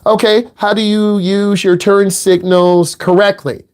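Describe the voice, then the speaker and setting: A man's voice: high-pitched, flat delivery, measured pace, darkish tone, clean tone. A middle-aged man from the Midwest giving a driving lesson in a blunt, teasing, direct way. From American Midwest. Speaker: driving instructor. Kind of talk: casual instructional talk.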